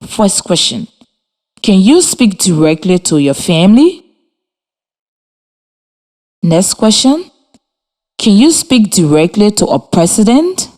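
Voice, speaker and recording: Woman radio teacher from Liberia, very slow, lively pitch, clear and encouraging. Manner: slow, clear, encouraging, spells and claps out words. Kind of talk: radio reading lesson for children. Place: radio studio with students.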